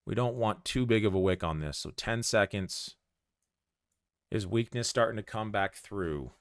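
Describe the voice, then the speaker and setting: A man with a low, smooth voice talks his way through a live trade, calm and conversational as he thinks aloud. The sound is close and dry, with no room around it. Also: dry recording. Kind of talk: live trading commentary.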